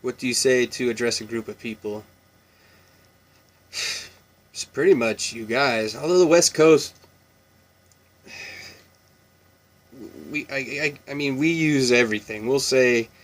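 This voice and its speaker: A man in his thirties from Washington State, with a medium-pitched voice and a Washington State accent, chats casually through an accent tag. He rambles in a relaxed way, with many ums and chuckles.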